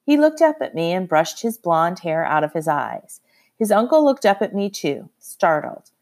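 A woman narrating a historical story in the first person, expressive and measured. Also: fairly low pitch. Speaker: audiobook narrator.

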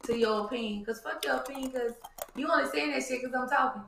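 Blunt high-voiced woman, echoey room. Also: fast talker, creaky, slight background noise. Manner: blunt, profane, animated storytelling. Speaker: podcast co-host. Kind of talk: casual chat.

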